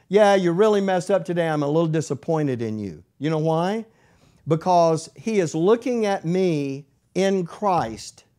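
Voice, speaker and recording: A man's voice: mid-range voice, darkish tone. A man teaching a Bible study lesson in a conversational manner that rises to emphatic preaching.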